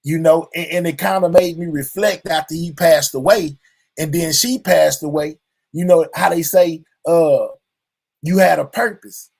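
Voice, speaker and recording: Speaking openly to his audience, this channel host drawls through a heartfelt personal monologue, with "you know what I'm saying" in almost every line and verbal tics throughout. His voice, on the high side, is steady, gravelly, husky, and darkish, moving a little slowly.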